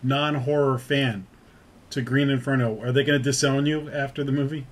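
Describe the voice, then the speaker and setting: A man co-hosting a horror podcast, asking questions in relaxed casual chat. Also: mid-range voice, normal speed. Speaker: podcast co-host.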